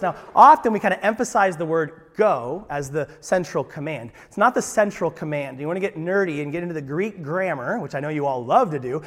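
A man preaching a sermon as pastor, animated and talking with his hands. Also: high voice, moderate pace. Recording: long hall reverb.

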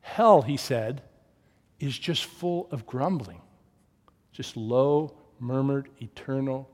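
A man preaching a sermon as pastor, telling stories and swinging from loud emphasis to hushed, low tones. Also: takes it slowly, long reverb tail.

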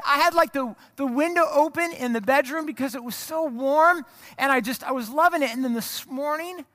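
A man's voice: extremely high pitch, sharp tone. A man pastor from the of America, preaching a sermon in a casual, storytelling way, poking fun at himself and talking straight to the congregation. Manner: casual storytelling, self-deprecating, addresses the congregation.

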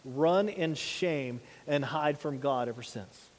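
A man in his thirties preaches a sermon, talking earnestly and plainly, with plenty of rhetorical questions. His voice sits high for a man. It rings out with a long reverb, like a big hall. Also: slow pace. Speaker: pastor.

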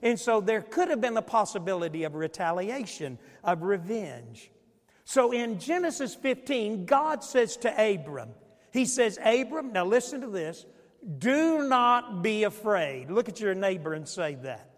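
A man's voice: high-pitched, big pitch swings, normal speed. A man pastor preaching a sermon to his congregation, leading them in call-and-response and repeating key phrases. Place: church sanctuary. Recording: long church reverb.

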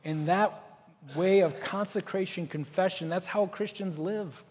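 A man preaching a sermon as pastor, earnest, building to forceful emphasis and then dropping soft. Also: high-pitched, a little slow, big-room sound.

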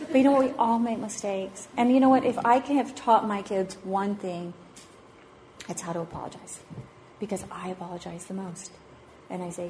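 A woman's voice: mid-range voice, steady tone, a little fast, noisy background. A woman in her thirties, a mother of five, giving a chatty, self-mocking talk on parenting and faith to a church group, laughing often. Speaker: speaker at a parenting session.

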